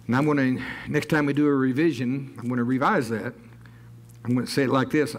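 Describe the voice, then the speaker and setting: A man's voice: medium pitch, steady tone, fairly quick. A man preaching a sermon, moving into earnest spoken prayer and chuckling between phrases as he rises into fervent declarations. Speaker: pastor.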